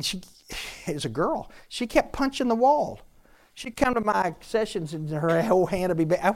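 A woman teaching a Bible class to a room of listeners, lively and joking as she quizzes them. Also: lowish voice, moderate pace. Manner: lively, jokey, quizzes the audience.

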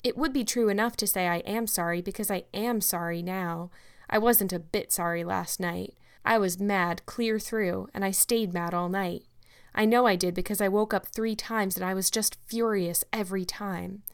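A woman's voice: medium pitch, fairly even intonation, moderate pace, close to an everyday voice. An imaginative young orphan girl, read by a woman, pouring out her feelings in long, earnest sentences. She sounds dramatic and sincere. This is an audiobook reading of a classic novel. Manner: earnest and wordy.

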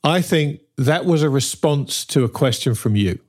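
A man's voice: fairly high pitch, lively intonation, normal speed, darkish tone. A man co-hosting a casual talk show, emphatic and arguing his points step by step, often checking in with "right?". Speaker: podcast co-host. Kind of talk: casual chat.

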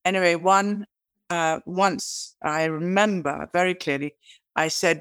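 Guest: British woman, lively raconteur, dry close sound. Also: fairly low pitch, measured pace, clear, resonant tone, dry recording. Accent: British English. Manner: animated storyteller who acts out quoted lines; chatty, restarts and repeats words. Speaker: guest author. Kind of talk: interview conversation.

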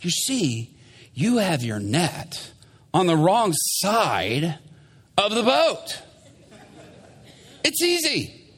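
A man voicing Jesus as a calm, gentle teacher who speaks softly and patiently. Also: sits high, drawn-out words, long pauses, husky, exaggerated voice.

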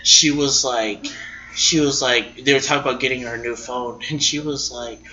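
A man telling stories in a casual chat among friends, animated and acting out quotes. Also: medium pitch, normal speed, highs cut off, soft background music. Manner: animated storyteller, acts out quotes.

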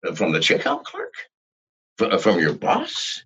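Very husky, animated ranting man. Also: low-pitched, a little slow, lo-fi sound. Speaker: podcast guest. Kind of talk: podcast interview.

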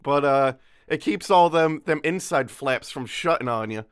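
A man's voice: on the high side, animated, normal speed, clean tone, no room sound, studio quality. A young man co-hosting a casual podcast, rambling and cutting himself off, still groggy from just waking up. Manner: rambling, self-interrupting, laughs easily. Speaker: podcast co-host. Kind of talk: casual chat.

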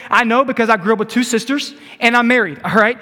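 High-voiced man preaching in an echoing hall. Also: fast, sharp tone. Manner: conversational, retells scripture with asides to the audience. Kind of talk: sermon. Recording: long reverb of a large hall.

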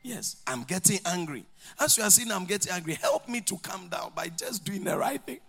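A male pastor with a high-pitched voice preaches a sermon at normal speed, with faint music in the background. He tells stories animatedly, acting out the dialogue and laughing along.

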